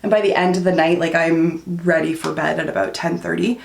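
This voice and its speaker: A woman's voice: lowish voice, steady tone, a little fast, creaky, roomy sound. A woman in her thirties chatting candidly while doing her makeup for a vlog, full of "um" and "like". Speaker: beauty vlogger.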